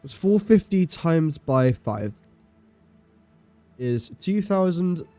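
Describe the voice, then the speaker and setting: Mellow-voiced man thinking aloud while gaming. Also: fairly high pitch, sing-song, slow, faint music behind. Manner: thinks aloud, counts and does sums under his breath, self-mocking. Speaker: game streamer. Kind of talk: casual live-stream commentary.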